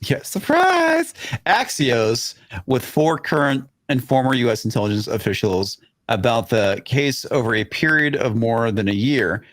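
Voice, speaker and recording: A man's voice: mid-range voice, moderate pace, fairly bright tone, dry recording. Stammering man hosting a stream. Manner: rambling, stammering, swears casually. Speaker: livestream host. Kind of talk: casual live stream news chat.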